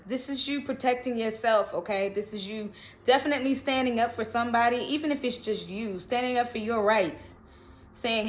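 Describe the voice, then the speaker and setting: A woman with a bright, slightly high voice gives a casual tarot reading to camera. She talks in a lively, rambling way, corrects herself, laughs often and slips into snatches of song. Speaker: tarot horoscope reader.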